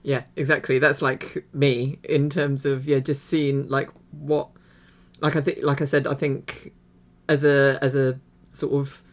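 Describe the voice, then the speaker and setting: A woman's voice: a bass voice, flat delivery, a little slow. A woman hosting a reaction video, chatting casually and rambling with many fillers and restarts. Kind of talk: casual commentary.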